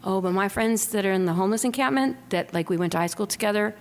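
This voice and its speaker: A middle-aged woman from Southern California telling lively stories to an audience as an author giving a talk, acting out quotes with whispers. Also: mid-range voice, quick pace. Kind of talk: anecdotal storytelling to an audience. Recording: lecture hall with long reverb, faint noise.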